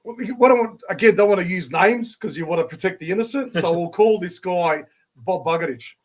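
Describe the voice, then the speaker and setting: Aussie bloke on a podcast, high voice, swearing and spinning a yarn. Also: male voice, fairly quick. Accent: Australian. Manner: crude, animated anecdote-telling. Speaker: podcast co-host. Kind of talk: casual chat, storytelling.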